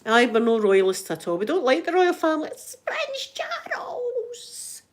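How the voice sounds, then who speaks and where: A middle-aged woman with a Glaswegian Scottish accent, telling stories in a lively, casual way and acting out both sides of each conversation. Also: on the high side, fast talker, noisy background. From Scotland. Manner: animated, swears, acts out both sides of conversations. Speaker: ASMR vlogger. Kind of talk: casual storytelling chat.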